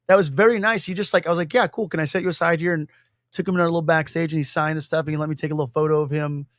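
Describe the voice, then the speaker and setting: Guy on a podcast telling stories, kinda higher voice, dry mic. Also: very fast, dry recording. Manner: animated storytelling, acting out quotes. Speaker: podcast co-host and shop owner. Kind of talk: casual chat.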